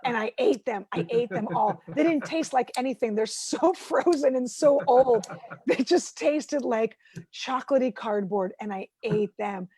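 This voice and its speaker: A woman's voice: on the high side, unhurried, warm tone. A woman stand-up comedian doing a rambling, self-mocking routine over a video call from home, full of "like"s.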